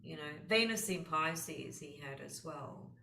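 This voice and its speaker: A woman's voice: sits low, measured pace, sharp tone, echoey room, far from the mic, low-quality recording. A woman astrologer hosting a casual conversation, telling heartfelt stories with lots of fillers. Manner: earnest, heartfelt storytelling with many fillers. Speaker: astrologer host.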